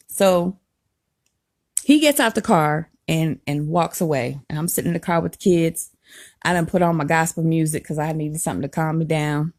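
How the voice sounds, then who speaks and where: Brief: low, gravelly woman, lively emphatic storytime delivery. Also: moderate pace, no room sound, clean studio sound. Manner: animated, emphatic, laughs while telling. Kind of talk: casual storytime vlog.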